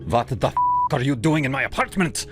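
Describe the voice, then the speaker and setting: A man's voice: medium pitch, expressive, a little fast, over music, voice pushed up, natural voice. A man voicing an enraged middle-aged stranger who bellows in fury, in a horror story narration. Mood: furious. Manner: bellowing, furious.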